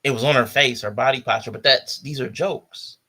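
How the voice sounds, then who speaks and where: A man's voice: mid-range voice, a little fast, pushed and bright, slightly rough. A man hosting a podcast, giving blunt, disdainful commentary on video clips and repeating his points for emphasis. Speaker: podcast host.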